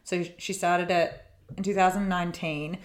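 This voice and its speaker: New Zealand woman, relaxed podcast chat. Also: on the low side, normal speed. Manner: relaxed, laughs easily, conversational. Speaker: podcast co-host, magazine editor. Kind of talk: casual chat. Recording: roomy echo.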